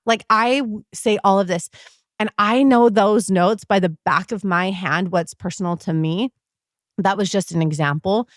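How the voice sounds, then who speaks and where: Podcast host, woman in her thirties, earnest and upbeat, slightly low voice, dry close sound. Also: dry recording. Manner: enthusiastic, earnest, motivational. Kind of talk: casual podcast monologue.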